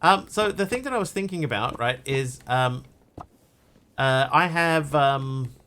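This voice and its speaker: A man with a New Zealand accent that leans slightly Australian, rambling through a game stream and answering chat as he goes. He stops and restarts often, filling gaps as he thinks. His voice sits in an ordinary middle pitch, with a faint hiss of background noise. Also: lively intonation, bright, forceful tone. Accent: New Zealand, with some Australian. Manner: rambling, halting, reads chat aloud. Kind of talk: casual live-stream chat while gaming.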